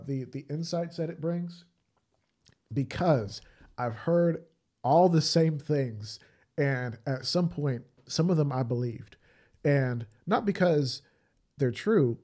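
A man hosting a podcast interview, speaking reflectively and haltingly, with many restarts. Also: mid-range voice, warm tone. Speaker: podcast host.

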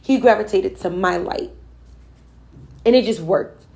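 A woman's voice: mid-range voice, measured pace, vocal fry, a little mellow. A woman telling a personal story about manifesting and spiritual guidance in an earnest, emphatic, conversational way, often repeating herself for effect. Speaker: spiritual speaker.

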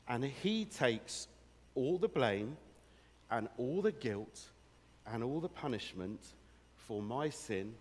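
A man preaching a sermon to a congregation, acting out a story with animated, direct address. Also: medium pitch. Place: church hall. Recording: long hall reverb.

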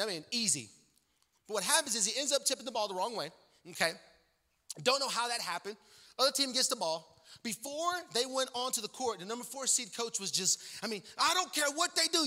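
A man's voice: sits high, bright, forceful tone. A man who is a guest pastor, telling a joking story in a sermon with a loose, conversational manner full of fillers. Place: church sanctuary. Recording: long church-hall reverb.

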